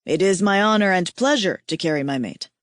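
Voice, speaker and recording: A woman's voice: lowish voice, expressive, fairly quick, dry recording, studio quality, natural voice. A woman voicing a devoted male alien warrior in an audiobook, speaking formally and earnestly without contractions. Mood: tender.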